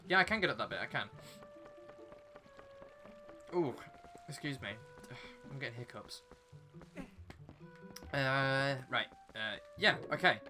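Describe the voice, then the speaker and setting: Over soft background music, a young man streaming a game speaks slowly and expressively with long pauses, his mid-range voice pushed and bright. Sniffly from a runny nose, the young adult rambles in casual chat, talking to both his viewers and the game character.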